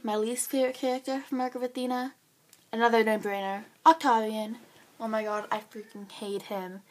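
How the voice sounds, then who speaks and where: A teenage girl giving a casual book review, gushing and excitable, with lots of fillers. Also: medium pitch.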